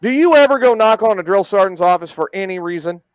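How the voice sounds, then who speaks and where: A man's voice: sits high, expressive, quick pace, clear, resonant tone, no echo. A man telling a blunt, profane story in a casual chat, acting out the quoted lines of each person in it.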